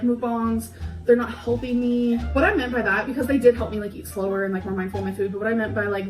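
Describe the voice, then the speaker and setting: A woman's voice: fairly high pitch, darkish tone. A young woman in a candid, rambling confessional vlog, talking at home and laughing now and then between thoughts. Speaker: vlogger. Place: home kitchen. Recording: echoey room, voice a bit far from mic, faint background music.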